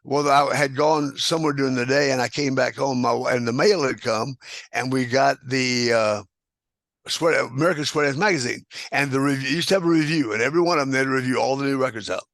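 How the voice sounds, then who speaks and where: A man's voice: mid-range voice, a little fast, a bit bright, no echo. An older man, a guest telling rambling anecdotes with chuckles and restarts. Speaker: guest square dance caller. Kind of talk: casual storytelling interview.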